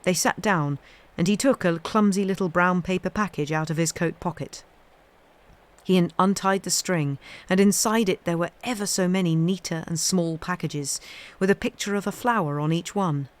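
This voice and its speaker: A woman reading a classic children's novel aloud in a steady storytelling voice. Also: on the low side, normal speed. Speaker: reader.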